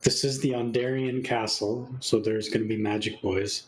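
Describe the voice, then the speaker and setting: A man's voice: lowish voice, fairly even intonation, moderate pace, a little hiss or hum, rough recording. A man playing a tabletop game, chatting casually and thinking aloud. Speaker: player.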